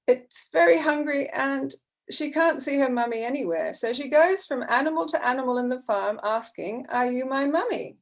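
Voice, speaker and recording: A woman teacher trainer explaining classroom methods in a patient, explanatory way, with frequent fillers. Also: on the high side. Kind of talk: online teacher-training talk.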